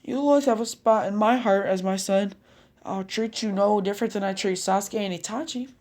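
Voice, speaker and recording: A man voicing a gentle, flustered mother who stammers as she reassures her son. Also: high voice, brisk, pitched above the performer's own voice, natural voice. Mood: flustered, tender. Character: gentle motherly woman, flustered but kind. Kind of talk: fan fiction reading with voices.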